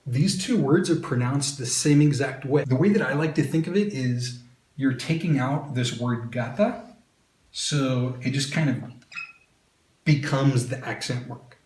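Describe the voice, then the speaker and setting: A man's voice: mid-range voice, unhurried, darkish tone. A man teaching a video lesson, with an upbeat manner and joking asides to the viewer. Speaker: Spanish teacher. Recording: roomy echo.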